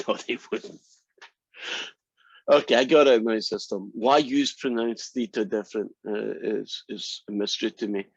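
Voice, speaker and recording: A man's medium-pitched voice moves at a moderate pace as he, a math instructor, lectures his calculus class on derivatives with wry asides that tease. There's no echo; the classroom audio is dry and muffled.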